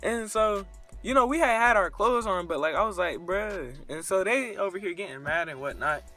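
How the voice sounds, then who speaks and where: A young man telling a crude, slang-filled story in a casual, animated storytime style. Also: high-pitched, moderate pace, soft background music. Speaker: storyteller vlogger.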